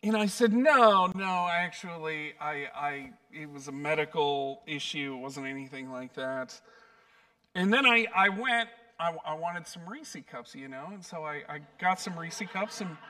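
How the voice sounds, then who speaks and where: A man, a pastor, preaching a sermon and telling stories with gentle self-deprecating humor. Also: fairly high pitch, expressive, normal speed, distant mic. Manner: warm storytelling, light self-deprecating humor.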